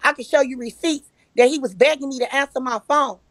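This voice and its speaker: A woman appearing as a live-stream guest tells a heated personal story, emphatic, profane, and repetitive, acting out the arguments she quotes. Her voice sits high and she speaks briskly, on a dry, rough recording.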